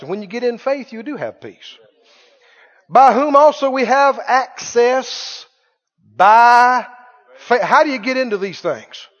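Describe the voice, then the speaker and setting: A man preaching a sermon as pastor, emphatic, repeating his phrases and shouting at the high points. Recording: dull lo-fi sound with long hall reverb.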